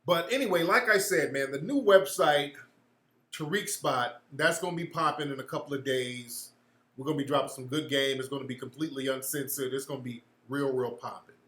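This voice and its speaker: A man's voice: medium pitch, fairly quick, a bit bright, reverberant. A man hosting a casual livestream chat, answering viewers in a blunt, slangy, profane way.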